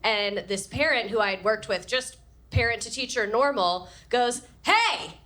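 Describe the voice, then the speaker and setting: Bright-voiced wry woman comic. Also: on the high side, normal speed. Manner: wry, punchy delivery. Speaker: comedian and teacher. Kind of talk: live comedy storytelling.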